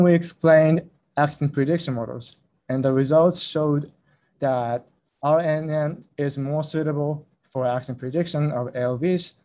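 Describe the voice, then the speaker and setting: A man's voice: mid-range voice, mellow, rough recording. A man giving an academic conference talk, speaking carefully and spelling out acronyms letter by letter. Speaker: conference presenter.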